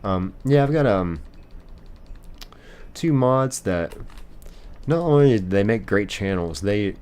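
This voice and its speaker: A man's voice: lowish voice, lively intonation, takes it slowly, darkish tone, smooth. A man streaming a game live, reading chat aloud and rambling casually with lots of fillers and restarts.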